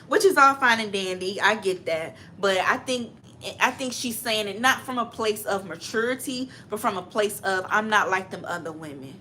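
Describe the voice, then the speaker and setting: A woman from Atlanta co-hosts a casual chat show. Her voice is bright and clear, and she talks in an emphatic, animated way. A faint noise sits under the recording. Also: medium pitch. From Atlanta, Georgia. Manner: animated, emphatic, drops into mocking quotes. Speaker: co-host.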